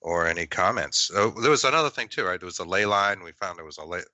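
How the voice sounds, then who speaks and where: A man's voice: low voice, animated, fast talker, bright, forceful tone, no echo. A man from Massachusetts hosting a paranormal podcast in casual chat, rambling with lots of fillers. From Massachusetts, USA. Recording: dull, lo-fi, dry.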